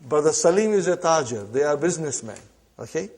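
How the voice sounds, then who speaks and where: Middle-aged male Arabic teacher, husky, lively pitch, patient and repetitive. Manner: checks in often with "huh?" and "are you with me?"; slow, repeats each word twice. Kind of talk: classroom lesson.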